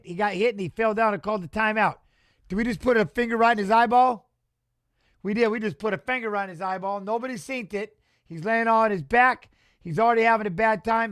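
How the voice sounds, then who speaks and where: A middle-aged man doing live-stream watch-along commentary on a fight, excitable and rambling, talking back to his chat. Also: high-pitched, dry recording, clean studio sound.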